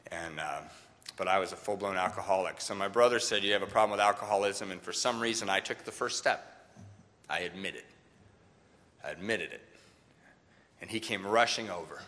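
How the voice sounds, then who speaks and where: A middle-aged man shares his story with an audience in a candid, self-mocking way, pausing on fillers as he searches for words. His voice is bright and forward, and a long reverb from the hall trails after each phrase. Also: mid-range voice. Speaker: speaker sharing his recovery story. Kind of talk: personal testimony to a live audience.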